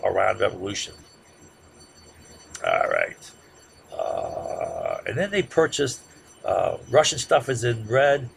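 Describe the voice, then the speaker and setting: Man, classroom lecture, rough gravelly voice, keeps asking "right?", faint background noise. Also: lowish voice. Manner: conversational, peppers sentences with "right?"; gets loud and heated when making a point.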